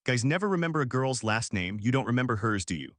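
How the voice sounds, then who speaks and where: A man voicing a soft, sad college girl. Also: medium pitch, animated, fast, no echo, clean studio sound, lightly acted. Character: young college woman, perceptive and quietly disappointed.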